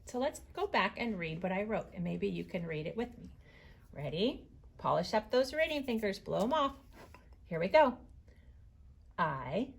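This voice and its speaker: A woman teacher giving a writing lesson to young children, slowly stretching out the sounds of words as she writes. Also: medium pitch, creaky, breathy edge.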